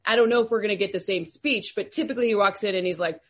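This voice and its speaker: A woman's voice: medium pitch, very fast. A woman who grew up in Luxembourg, guesting on a podcast as an analytics expert and chatting casually with plenty of filler words. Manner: chatty, lots of filler likes.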